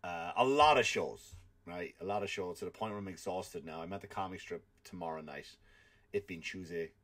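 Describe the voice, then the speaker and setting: A man with an Irish accent, a comedian hosting a podcast, telling stories in an animated, swear-filled rant. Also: low voice, a little fast. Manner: animated storytelling with frequent swearing. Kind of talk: ranting comedic monologue.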